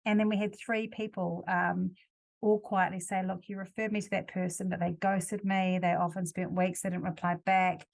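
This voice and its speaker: A woman's voice: lowish voice, creaky. A woman from New Zealand hosting a solo podcast, talking casually and correcting herself as she goes. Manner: conversational, self-correcting, gives examples. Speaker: podcast host.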